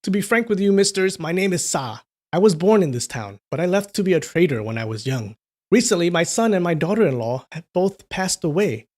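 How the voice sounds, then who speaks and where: A polite, humble gray-haired old innkeeper, as a man reading a story puts him on. He speaks in a somewhat high voice, courteous and self-effacing. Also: expressive, fairly quick, a little mellow.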